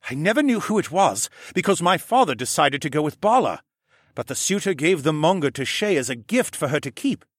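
A man voicing a blunt, impatient young falcon man who snarls and pushes hard, in a raised, husky voice. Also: fairly high pitch, sing-song, fairly quick, dry recording, clean studio sound, voice pushed up. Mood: heated.

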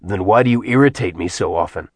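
A man voicing a tired, blunt former god in a low, plain voice. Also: fast, dry recording. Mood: weary. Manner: dry, weary, blunt. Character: weary ancient male ex-god, gruff.

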